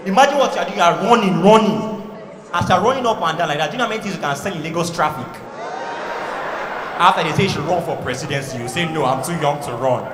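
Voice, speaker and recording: A Nigerian man doing a stand-up comedy routine on stage, animated and shouting punchlines, slipping into pidgin. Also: sits high, fast talker, far from the mic, a crowd in the background. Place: live comedy stage in a large hall. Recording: echoey hall from a live show.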